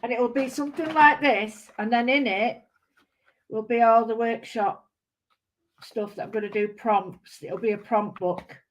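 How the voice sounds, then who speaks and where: A woman's voice: a little high, fairly even intonation, measured pace, poor audio. Giddy, rambling woman. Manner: giddy, rambling, talks to viewers, exclaims. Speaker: craft tutor. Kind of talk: chatty live craft demo.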